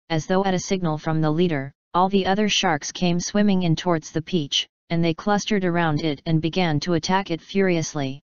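Crisp low-voiced woman narrator. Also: no echo. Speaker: audiobook narrator. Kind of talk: storybook narration. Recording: slightly muffled dry recording.

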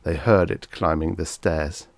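A man reading a vintage science fiction story aloud as an audiobook narrator, in a measured storytelling manner. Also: sits low, steady tone, gravelly, dry recording. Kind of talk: scripted narration.

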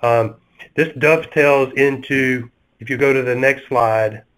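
A man with a Southern US accent, speaking as a panelist in a webinar discussion, halting and full of fillers and restarts. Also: medium pitch, fairly even intonation, fairly bright tone, rough recording.

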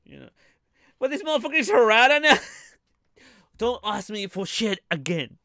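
A man live-streaming his reaction to a trailer, animated and profane, laughing often. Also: high voice, a little slow, no echo, clean studio sound.

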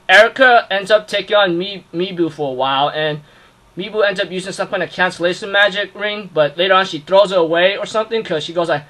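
An excitable man rushes through an anime recap, piling on fillers and yelling sound effects. His voice sits high and bright, with a sharp, forceful edge. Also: low-quality recording. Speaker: anime reviewer.

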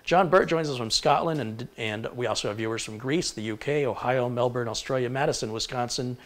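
Man, tech livestream host, average pitch, reading viewer shout-outs, brisk, trips over names. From Michigan. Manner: reads out place names briskly, stumbles over pronunciations.

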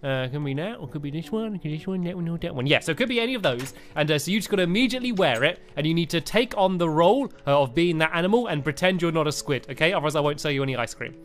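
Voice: mid-range voice, rapid-fire, hardly any pauses. A gaming host playing a game and acting a fussy ice cream shopkeeper in playful role-play. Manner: animated, laughing, playful shopkeeper bits.

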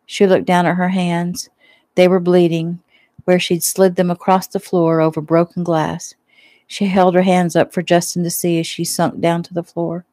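A woman reads her own novel aloud in a relaxed, conversational style. Her voice sits low and sounds mellow and dark. The recording is close and dry. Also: moderate pace, no echo. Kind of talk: casual audiobook reading.

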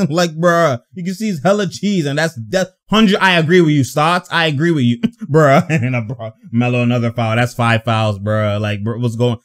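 Speaking at a normal speed in a mid-range voice, a young man offers casual, slangy reaction commentary on a basketball game, laughing often and getting excited.

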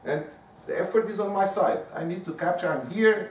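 A man gives a chatty lecture and keeps checking in with the room. His voice sits fairly high. He is picked up from across an echoey lecture room. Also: moderate pace, distant mic, slight background noise. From Portugal. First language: Portuguese. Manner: lively, conversational, often asks the room "right?". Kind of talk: lecture on giving presentations.

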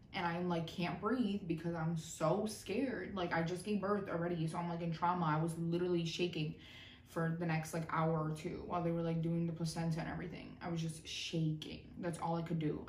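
A young woman telling a personal story in a storytime vlog, animated and sarcastic. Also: on the low side. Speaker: vlogger. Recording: roomy echo, distant mic, faint noise.

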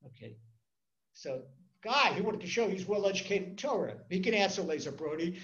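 Conversational rabbi, muffled recording. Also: male voice, high voice, expressive, moderate pace. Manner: conversational, repeats words, acts out stories. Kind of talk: Torah class.

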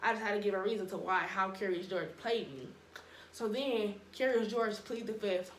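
Young woman spilling a storytime in slang, animated, room echo and a little noise behind her. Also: medium pitch, normal speed. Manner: animated, slangy, acts out quotes. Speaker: storytime vlogger. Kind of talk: casual storytime. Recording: roomy echo, faint background noise.

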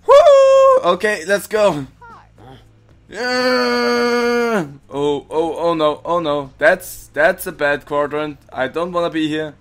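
A man giving playfully grumpy let's-play commentary, swearing and yelling strings of protests at the game. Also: on the high side, measured pace, few pauses. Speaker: gaming channel host.

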